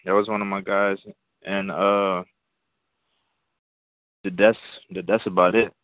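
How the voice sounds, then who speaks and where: A man's voice: deep voice, flat delivery, unhurried, dry recording. A young male college football player answering interview questions hesitantly, in short plain sentences. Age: young adult. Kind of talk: phone interview. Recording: phone-line call.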